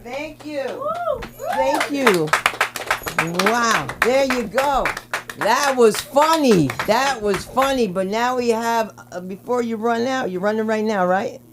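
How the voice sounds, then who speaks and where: A woman's voice: on the high side, very animated, slow, very noisy. A woman hosting an open mic in a small comedy club, introducing acts and telling brassy, bawdy jokes between laughs. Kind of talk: stand-up emceeing.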